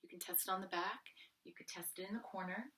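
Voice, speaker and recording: A woman teaching a children's art lesson step by step, gently encouraging and thinking aloud as she colors with crayons. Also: on the low side, fast talker, roomy sound, far from the mic, slight background noise, low-quality recording.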